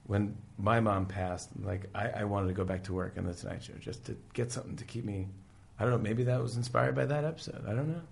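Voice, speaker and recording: A man casually retelling a story, animated, often breaking into quoted voices, with faint room sound. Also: fairly low pitch, fast, vocal fry, few pauses. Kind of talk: casual chat.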